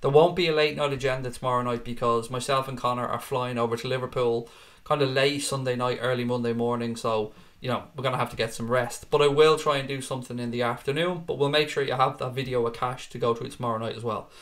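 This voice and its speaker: A man's voice: mid-range voice, fairly even intonation, fast, fairly bright tone. A man in his thirties hosting a fan live stream, reading chat and answering in a blunt, chatty way, swearing freely and calling viewers mate.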